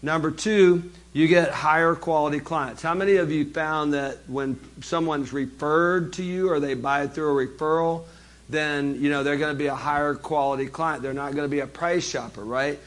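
A man giving a live business seminar, lively and jokey, speaking straight to the audience. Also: on the high side, moderate pace.

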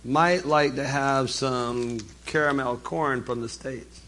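A man giving a live business seminar, lively and jokey, speaking straight to the audience. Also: medium pitch, slow, slight background noise.

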